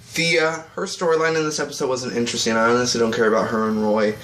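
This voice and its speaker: Rambling man in an echoey room. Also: medium pitch. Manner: rambling, animated, mocks characters in quick put-on voices. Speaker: TV episode reviewer. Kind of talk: casual vlog review. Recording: echoey room with faint ambient noise.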